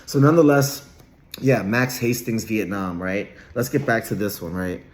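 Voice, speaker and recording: A man's voice: fairly low pitch, lively intonation, moderate pace. A man giving a casual solo monologue, rambling with frequent restarts and repeated words. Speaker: vlogger.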